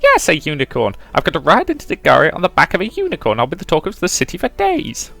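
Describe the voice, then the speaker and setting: A man voicing a boastful adventurer woman, high and swooping. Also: wildly swooping pitch, fast, vocal fry, fairly bright tone, faint music behind, heavily acted. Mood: eager. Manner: boastful, theatrical. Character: brash bold young adventurer woman. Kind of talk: reading game dialogue aloud.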